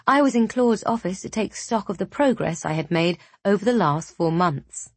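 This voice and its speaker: Husky woman reading an audiobook. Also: mid-range voice, animated, normal speed, no room sound. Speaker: audiobook narrator. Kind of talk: first-person audiobook narration.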